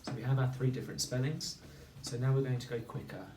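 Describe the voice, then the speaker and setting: A man teaching a phonics lesson to children, slowly and clearly sounding out each word. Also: medium pitch, fairly even intonation. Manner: slow, clear sounding-out of words. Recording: echoey room, distant mic, faint noise.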